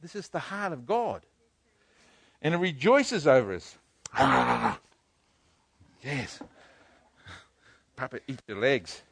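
An older man preaching a sermon, swinging from hushed to loud. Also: medium pitch, animated, takes it slowly, gravelly, pauses often, husky, dry recording. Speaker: pastor.

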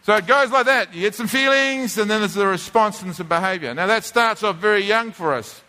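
A man's voice: high voice, brisk, sharp tone. A man, preaching a conversational teaching sermon from a drawing board, often repeating and restarting his words. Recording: long reverb of a church hall.

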